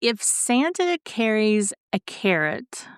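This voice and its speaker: A woman co-hosting a podcast in casual chat, easygoing and quick to giggle. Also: a little high, sing-song, clean tone, no room sound, clean studio sound. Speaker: podcast co-host.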